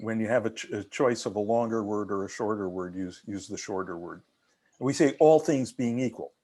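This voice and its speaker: A man's voice: lowish voice, a little mellow. A man leading an online haiku workshop, asking questions and teaching in a talkative way with many restarts.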